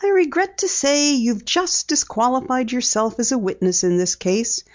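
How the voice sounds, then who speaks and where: A woman's voice: a little high, normal speed, voice pushed up, lightly acted. A woman reading an audiobook, voicing an eager, persistent teenage girl sleuth who presses with questions. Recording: dull lo-fi audiobook recording.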